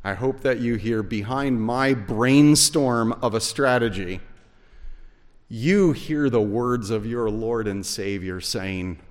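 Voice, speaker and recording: A man preaching a sermon as pastor, earnest and measured, sometimes rising to shouts to stress a point. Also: mid-range voice. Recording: long reverb of a large hall.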